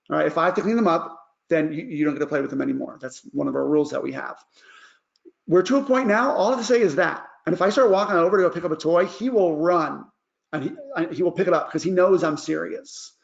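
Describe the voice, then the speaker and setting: A man's voice: a little high, fast, gravelly, highs cut off. A man who works as a life coach gives a casual parenting advice lesson and keeps checking in with "all right?".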